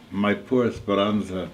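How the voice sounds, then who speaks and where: A man's voice: low voice, slight background noise. A man in his eighties voicing a poor, devout man earnestly pleading with God in simple words. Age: 80s.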